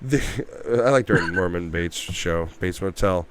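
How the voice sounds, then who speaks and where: A man's voice: sits low, measured pace, over a noisy crowd. A man co-hosting a casual movie review podcast, swearing freely and acting out scenes. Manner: animated, profane, acts out quotes. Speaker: podcast co-host.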